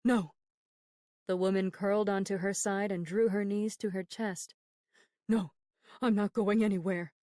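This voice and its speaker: A woman's voice: medium pitch, fairly even intonation, measured pace, long pauses, dark tone, dry recording, clean studio sound, lightly acted. A woman voicing a frantic, feverish young mother who screams and pleads to be left with her children. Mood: refusing. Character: frantic sick young mother, terrified, defiant.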